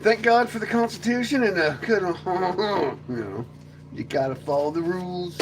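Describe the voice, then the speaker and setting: A man's voice: high-pitched, moderate pace, a little hiss or hum. A man hosting a casual livestream chat, rambling and joking, often slipping into silly voices. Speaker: livestream host.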